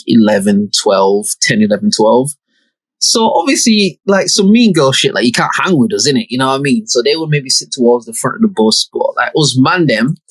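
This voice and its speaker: A man's voice: medium pitch, husky, no echo, poor audio. A young man, hosting a podcast and telling a story in a laid-back, slangy way with plenty of swearing. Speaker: podcast host. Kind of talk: casual storytelling.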